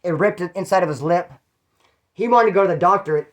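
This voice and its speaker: A man's voice: high-pitched, a little fast, a bit bright. A man telling stories in a casual, blunt and profane way, acting out other people's lines. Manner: profane, blunt, acts out quotes. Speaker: former prisoner telling stories. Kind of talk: casual storytelling to camera.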